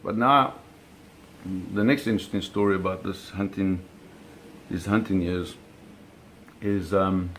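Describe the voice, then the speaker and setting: A man's voice: deep voice, fairly even intonation, unhurried, pauses often, fairly bright tone, a little hiss or hum. A man telling a personal story in casual speech, vivid, acting out sounds and often correcting himself. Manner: frequent self-corrections and repeated words. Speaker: storyteller recalling shark hunting. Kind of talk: casual spoken anecdote.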